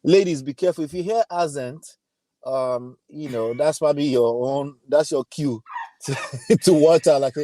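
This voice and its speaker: A Nigerian man hosting a casual chat, chatty and quick to laugh, slipping into his home language now and then. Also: on the high side, warm tone. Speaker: host.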